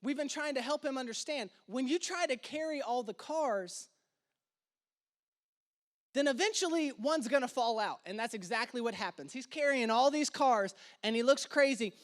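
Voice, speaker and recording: Male pastor, high voice, casual storyteller who punches key lines. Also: moderate pace. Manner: casual storytelling, animated emphasis. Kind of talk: sermon.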